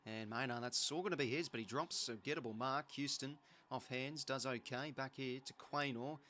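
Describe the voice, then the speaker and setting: A man with an Australian accent hosting a live football watch-along, calling the play in an excitable, chatty way. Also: mid-range voice, normal speed, slight background noise. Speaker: host.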